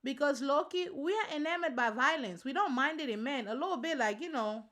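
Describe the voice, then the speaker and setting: A woman vlogger with a high, bright voice gives her views straight to camera. She talks in informal slang and hammers her points home by saying them again. Her tone stays pointed and forceful. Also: lively intonation, fairly quick. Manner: emphatic, repeats points for stress; slangy, informal address to viewers. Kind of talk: casual opinion commentary to camera.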